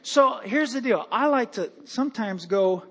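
A man preaching to his congregation as pastor, telling joking stories in an animated way. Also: very high voice, measured pace, breathy edge. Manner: animated, joking, lively storytelling with acted-out quotes. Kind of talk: sermon. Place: church sanctuary.

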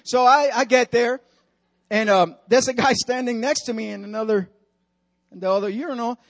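A man preaching and telling a story in an animated way, acting out what was said and dropping to a hush for the serious parts. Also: extremely high pitch, normal speed, dry recording. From Dominican Republic. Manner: animated, acts out quotes with dramatic drops to a hush. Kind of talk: sermon storytelling.

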